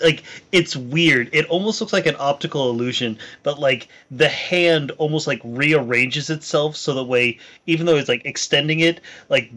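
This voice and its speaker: Male player, in-character role-play, steady mid voice, lots of uh's. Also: medium pitch.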